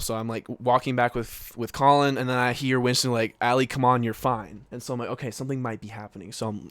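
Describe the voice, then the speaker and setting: A man's voice: medium pitch, clear, resonant tone, no room sound. A young man co-hosting a podcast, telling a story casually with lots of filler words and swearing. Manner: animated, swearing, many filler likes. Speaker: podcast co-host.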